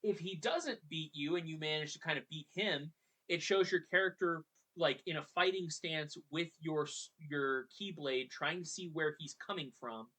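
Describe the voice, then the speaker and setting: A podcast host retelling a video game story in a casual, chatty way, now and then slipping into quick character voices. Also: mid-range voice, pushed and bright.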